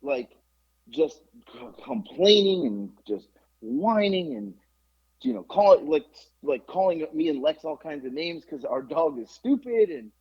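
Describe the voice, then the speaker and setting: A middle-aged man hosting a podcast, telling a story in casual chat, animated and profane with lots of fillers. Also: on the high side, measured pace, slightly rough. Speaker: podcast host. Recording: dull lo-fi podcast recording.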